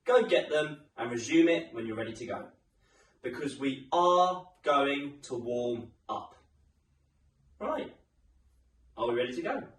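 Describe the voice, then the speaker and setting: A man coaches a home workout in a chatty, encouraging way, his voice rising and falling in a lively sweep. He sounds a little out of breath. He is recorded at some distance in an echoey room. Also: fairly high pitch. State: slightly out of breath. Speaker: fitness instructor.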